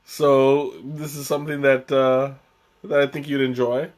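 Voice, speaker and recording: Slow-talking, halting male stream host. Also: mid-range voice, little pitch movement. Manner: halting, with frequent restarts and fillers; chatty and joking, often chuckling. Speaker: live-stream tea tasting host. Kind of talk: casual live-stream chat.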